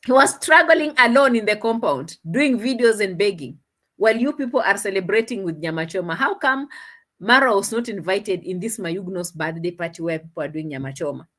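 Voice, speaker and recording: Animated laughing woman commentator. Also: mid-range voice, fairly quick. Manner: laughs often, mocking, animated retelling. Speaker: commentary vlogger. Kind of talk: reaction commentary.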